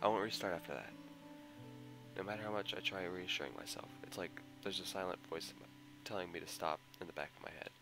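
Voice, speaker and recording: Over guitar music, a visual novel mod reader gives dramatic first-person narration full of emotional anguish. His low voice races along at a quick pace with hardly any pauses, and the recording is low quality.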